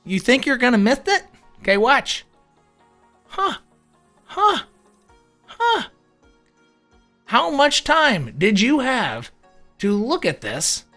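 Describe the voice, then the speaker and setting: With an extremely high-pitched voice at a measured pace, a man talks through crypto charts on a casual screen share, animated and wry. He drops mock-panicked asides and swears casually, with faint music playing behind him.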